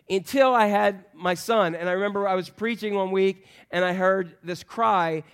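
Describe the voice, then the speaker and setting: A man in his fifties preaching a sermon as pastor, conversational and animated, acting out quoted voices. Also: high voice.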